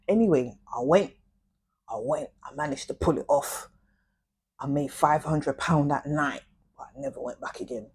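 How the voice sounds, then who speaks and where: A young woman, talking straight to her viewers in a casual, animated storytime full of slang. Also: deep voice, unhurried, husky. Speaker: vlogger.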